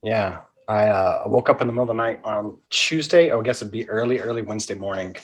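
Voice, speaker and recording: A man co-hosting a casual podcast, talking things through with a lot of uhs and pauses. His voice is fairly low and husky. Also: poor audio. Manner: plain, hesitant talker with many uhs. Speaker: podcast co-host. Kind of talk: casual chat.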